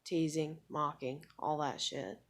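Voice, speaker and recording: A woman's voice: low voice, steady tone, takes it slowly. A woman in her thirties venting in a rambling, casual monologue, frustrated and swearing often. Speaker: vlogger.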